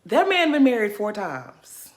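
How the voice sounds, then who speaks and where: A woman's voice: a little high, huge pitch swings, measured pace. A woman giving casual reaction commentary, blunt and sassy, laughing as she rants. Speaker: reality TV commentator.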